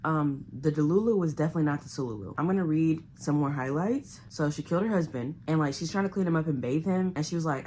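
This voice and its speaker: Low-voiced woman gossiping through a book recap, chatty, gets loud on the quotes. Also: quick pace, hardly any pauses, a little hiss or hum. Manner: chatty, animated retelling with loud quoted outbursts. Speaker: book vlogger. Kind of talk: casual book recap to camera.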